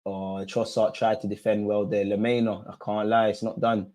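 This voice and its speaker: A young man hosting a football watch-along, reacting live to the match in a slangy, excitable way and pleading with the players. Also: lowish voice, moderate pace. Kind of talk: live reactive commentary to viewers.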